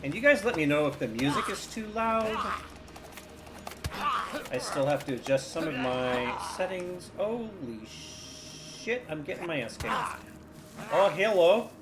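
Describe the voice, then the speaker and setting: A man's voice: a little high, animated, moderate pace, pauses often, very noisy. A man streaming a survival game, chatting casually with viewers in a wry, profane, often muttered way. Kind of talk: casual gameplay commentary.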